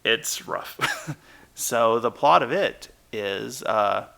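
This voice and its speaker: A man's voice: medium pitch, sing-song, drawn-out words, gravelly, pushed and bright. A man co-hosting a podcast in casual chat, rambling and laughing as he retells things. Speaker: podcast co-host.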